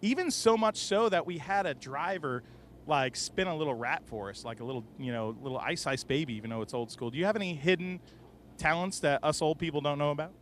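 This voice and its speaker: A man hosting casual interviews in an outdoor race garage, loud and jokey. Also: fairly high pitch, slight background noise. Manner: loud, jokey, quick to exclaim. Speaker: garage reporter and host.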